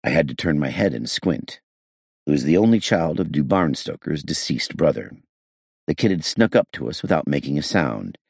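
Brief: male audiobook narrator, very deep, husky, lively delivery. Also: no room sound, studio quality. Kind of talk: scripted narration.

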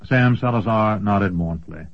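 A man narrating a fantasy audiobook in a measured storytelling voice. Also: lowish voice. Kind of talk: scripted narration. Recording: dull lo-fi recording.

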